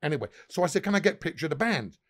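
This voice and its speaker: A man's voice: on the high side, very animated, very fast, a bit bright. A man, a pub owner, telling rambling, profane anecdotes as a podcast guest. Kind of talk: casual podcast storytelling.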